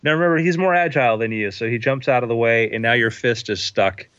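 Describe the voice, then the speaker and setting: A man's voice: mid-range voice, quick pace, a bit bright, clear, resonant tone, dry recording. Guy running a tabletop game, playful, throws in sound effects, dry muffled lo-fi mic. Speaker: game master.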